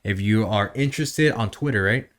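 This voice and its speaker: A man's voice: on the low side, moderate pace. A man hosting a casual podcast, talking conversationally and posing rhetorical questions. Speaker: podcast host.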